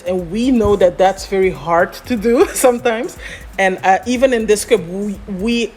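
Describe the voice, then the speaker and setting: A woman scriptwriter explaining how to write a script in a relaxed, chatty way, often pausing on "um" and "you know". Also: mid-range voice. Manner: chatty, many fillers, explains step by step. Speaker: scriptwriter guest. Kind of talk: explaining scriptwriting in a casual chat.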